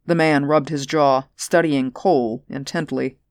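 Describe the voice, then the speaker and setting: A woman narrating a story aloud in a measured audiobook reading. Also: deep voice, steady tone, no echo, studio quality. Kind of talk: audiobook narration of science fiction.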